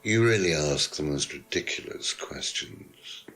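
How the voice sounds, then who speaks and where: A smug, creaky-voiced teacher. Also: male voice, rumbling low, expressive, unhurried, fairly bright tone, faint music behind, full character voice. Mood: evasive. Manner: condescending, evasive. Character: smug middle-aged male teacher under suspicion. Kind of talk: full-motion video game acting.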